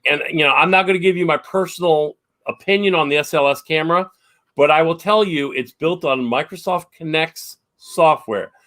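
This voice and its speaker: A man with a somewhat high voice chats on a podcast as a paranormal investigator guest. He tells his stories with animation and acts out the quotes. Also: moderate pace, a bit bright. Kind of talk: casual podcast chat.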